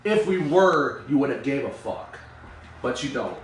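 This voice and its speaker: A man's voice: medium pitch, lively intonation, unhurried, a little hiss or hum. A young man hosting a podcast, delivering an angry political rant full of profanity and bitter sarcasm. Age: young adult. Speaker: podcast host.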